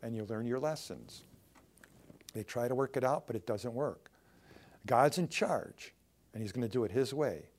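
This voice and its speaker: Lively-voiced male pastor preaching. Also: medium pitch, moderate pace, pauses often. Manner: conversational preaching with rhetorical questions to the congregation. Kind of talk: sermon.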